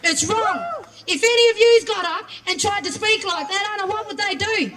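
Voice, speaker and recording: A woman's voice: very high voice, fairly quick. An Australian woman from Western Australia giving an impassioned, confrontational protest speech at an outdoor rally. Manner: forceful, confrontational, repetitive emphasis. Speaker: rally speaker. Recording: crowd noise around a rally. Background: crowd.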